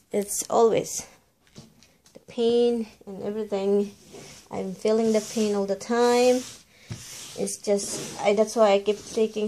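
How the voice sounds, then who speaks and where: A woman's voice: mid-range voice, a little mellow, slight background noise. A woman from the Philippines, chatting casually in a rambling, self-correcting way as she vlogs at home. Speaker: vlogger. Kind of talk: casual chat. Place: at home, indoors.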